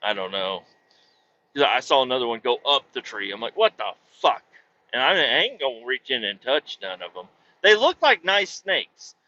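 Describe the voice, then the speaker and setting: Profane, animated man telling a story. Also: medium pitch, moderate pace, lo-fi sound. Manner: profane, animated, acts out voices with loud yelps. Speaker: podcast host. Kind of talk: casual storytelling monologue.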